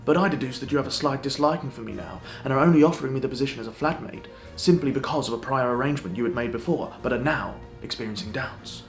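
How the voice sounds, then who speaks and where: A man doing a smug, pompous young detective who lectures everyone with condescending, theatrical deductions. His voice sits at a middling pitch. It sounds like a comedy sketch recorded in an echoey room. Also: fast, hardly any pauses, faint music behind, close to an everyday voice. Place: indoors in a flat.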